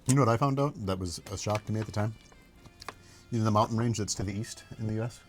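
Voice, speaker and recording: A man's voice: fairly low pitch, quick pace, soft background music. A man hosting a stream, chatting casually and teasing playfully. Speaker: streamer, host. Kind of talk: casual chat.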